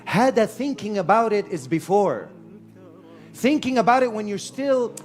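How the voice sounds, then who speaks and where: A man preaching a lively sermon to a live audience in a hall, mixing Arabic phrases into his English. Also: very high voice. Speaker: Islamic preacher. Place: hall with a sound system and echo.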